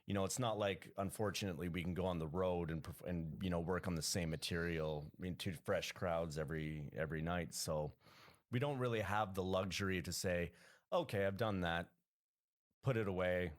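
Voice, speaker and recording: A man's voice: deep voice, normal speed. A Canadian man, a comedian, talking casually as a podcast guest, rambling with many restarts.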